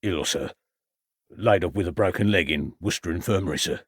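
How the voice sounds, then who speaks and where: A man's voice: deep voice, brisk, husky, dry recording, studio quality, pitched below the performer's own voice. A man voicing a flustered village policeman who stammers and apologizes nervously, in an audiobook reading.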